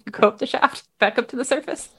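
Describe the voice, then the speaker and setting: A woman's voice: on the high side, a little fast, crowd noise. Woman player in a tabletop rpg, polite in character, playful. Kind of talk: playing a tabletop game in character.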